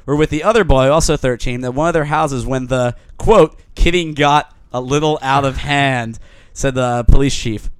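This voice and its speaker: A man's voice: mid-range voice, moderate pace, hardly any pauses, smooth, no echo. A man co-hosting a casual, crude podcast, reading news stories aloud and laughing through them while he rambles. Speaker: podcast co-host. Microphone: studio microphone.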